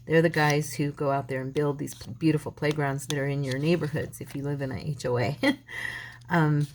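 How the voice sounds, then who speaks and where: A woman with a notably low voice chats casually while crafting, rambling through a story with plenty of restarts. Steady background noise and clicking sounds run under her voice. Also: a little fast. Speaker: crafting channel host.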